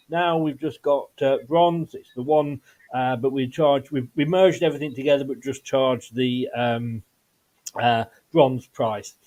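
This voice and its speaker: A rambling man hosting a fan podcast, his voice sitting a little high. He chats casually, trails off and restarts mid-sentence. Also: darkish tone. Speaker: fan channel host. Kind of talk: casual football podcast chat.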